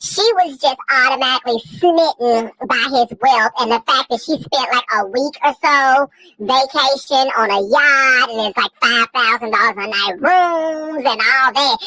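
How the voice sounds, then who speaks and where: A woman co-hosting a podcast in casual chat, animated and teasing, with a lot of profanity. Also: high voice, no room sound, poor audio. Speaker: podcast co-host.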